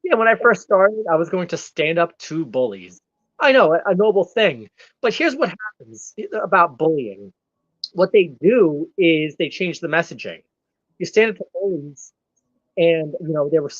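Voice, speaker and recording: A man's voice: on the high side, no room sound. A man playing a brash, arrogant male heel wrestler persona as a guest on a talk show, ranting and taunting in character. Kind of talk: in-character comedic rant. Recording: dull, dry lo-fi sound.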